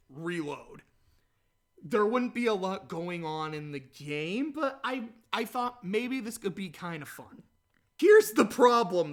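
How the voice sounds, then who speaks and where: A man hosting a solo podcast, rambling and chatty, telling stories in a casual, animated way. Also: fairly high pitch. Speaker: podcast host.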